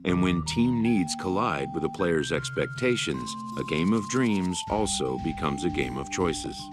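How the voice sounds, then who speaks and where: A man voicing a calm, serious narrator in a sports video game, with a measured, solemn delivery. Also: sits low. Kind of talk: scripted narration. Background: background music.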